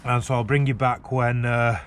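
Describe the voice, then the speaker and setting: Sweary bloke outdoors. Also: male voice, mid-range voice, flat delivery, moderate pace, slight background noise. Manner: blunt, sweary, jokey. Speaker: car vlogger. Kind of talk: casual swearing chat to camera. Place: outdoors beside a car at a roadside. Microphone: handheld camera on gimbal.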